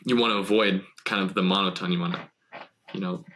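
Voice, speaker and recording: A man's voice: low-pitched, steady tone, quick pace, fairly bright tone, slight background noise. A man hosting a casual interview, talking in a hesitant, hedging way with many restarts. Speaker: podcast host.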